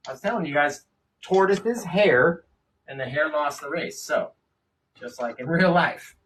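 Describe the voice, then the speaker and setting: A man hosting a live painting stream, chatting casually and joking while he paints, often trailing off into quiet mumbles. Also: on the high side, a little slow, a little hiss or hum, low-quality recording.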